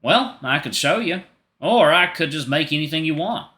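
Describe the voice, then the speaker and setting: A man's voice: fairly high pitch, lively intonation, normal speed, sharp tone, pitched above the performer's own voice. A man voicing a sweet, eager young man with a put-on Southern country accent. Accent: American Southern, put on.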